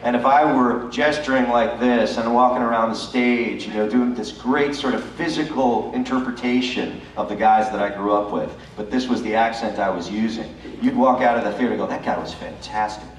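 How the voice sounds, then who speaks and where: Male voice actor from Brooklyn, panel Q&A, animated explainer, echoey distant hall sound with light hiss. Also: medium pitch, moderate pace, hardly any pauses. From Brooklyn, New York. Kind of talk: convention panel talk. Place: large convention panel room. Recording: echoey hall, distant mic, faint noise.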